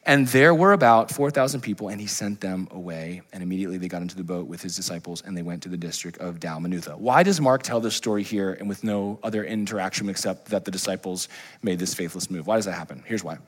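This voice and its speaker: A man preaching a sermon as pastor, telling Bible stories in a lively, humorous way and acting out the characters. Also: low-pitched, fast talker. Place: church.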